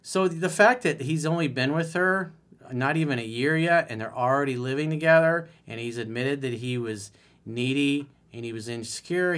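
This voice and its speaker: A man with a medium-pitched voice and a fairly bright tone coaches viewers on dating in a solo video. He reads a viewer's email out loud and remarks on it in a blunt, emphatic way.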